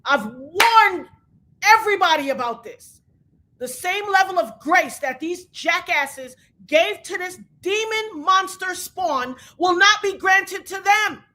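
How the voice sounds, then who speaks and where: A woman livestream host in an angry rant, shouting, repeating herself and near tears with rage. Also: very high-pitched, expressive, slow. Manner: furious, shouting, repetitive.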